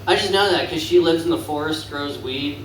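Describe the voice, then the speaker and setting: Rambling comedian, echoey club. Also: male voice, on the high side, a little fast, recorded from a distance, slight background noise. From Canada. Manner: rambling, hesitant, self-deprecating. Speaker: stand-up comedian. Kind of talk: stand-up set. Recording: echoey room, mic from afar.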